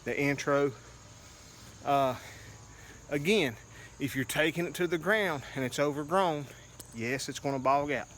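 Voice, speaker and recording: A man's voice: fairly high pitch, unhurried, long pauses, fairly bright tone, a little hiss or hum. A man talking to the camera outdoors on a hillside, plainspoken and a bit out of breath, repeating "okay?" to drive his points home. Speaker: lawn care business owner.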